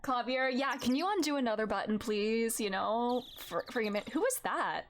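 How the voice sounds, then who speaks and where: A giggly, animated woman chatting through a game on stream. Her voice sits fairly high and leaps around in pitch. A faint hiss sits under the desk-mic sound. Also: normal speed. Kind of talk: casual gameplay commentary.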